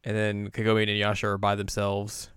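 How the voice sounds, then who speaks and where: A man recaps an anime in a loose, rambling way, like a co-host chatting with a friend. His voice is smooth and clear. The room sounds dry and close. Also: fairly low pitch, completely flat delivery, fairly quick, fairly bright tone, dry recording. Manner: loose, rambling, laid-back. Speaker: podcast co-host. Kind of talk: casual chat recapping an anime.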